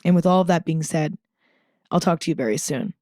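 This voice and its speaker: A woman's voice: low voice, lively intonation, a little fast, mellow, no echo. Chatty young woman podcast host, dry close sound. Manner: chatty, earnest, swears freely, lots of "like" fillers. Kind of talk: casual solo podcast monologue.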